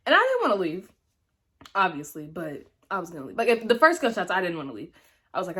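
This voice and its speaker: A woman's voice: normal speed, husky. Young woman doing a storytime vlog, super chatty and slangy, voice jumps way up for the dramatic bits. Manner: animated, chatty, dramatic pitch jumps when telling the story; slangy casual speech. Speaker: vlogger.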